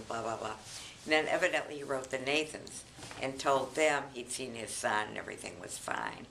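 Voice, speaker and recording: An elderly woman in her eighties, recounting family memories in an unhurried, reminiscing way as a grandmother being interviewed. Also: very deep voice, expressive, vocal fry, a bit bright, a little hiss or hum, rough recording. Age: 80s. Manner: reminiscing, unhurried, chuckles often.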